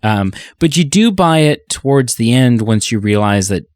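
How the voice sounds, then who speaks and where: A man's voice: medium pitch, animated, moderate pace, a little mellow, no room sound, clean studio sound. A man co-hosting a podcast, reviewing a film in casual chat, hesitant and full of fillers. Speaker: podcast co-host.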